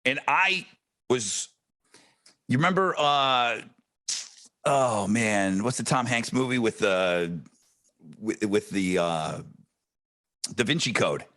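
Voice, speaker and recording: Animated man telling a story. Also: medium pitch, slow pace, long pauses. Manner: animated storyteller, swears freely. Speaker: podcast co-host; radio host. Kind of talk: casual podcast chat.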